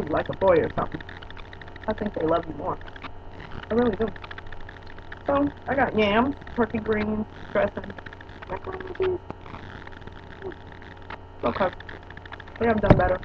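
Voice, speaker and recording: A woman's voice: medium pitch, lively intonation, moderate pace, pauses often, highs cut off, background noise. A woman in her forties chatting casually to viewers on a webcam at home, rambling and teasing. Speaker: vlogger. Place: at home indoors.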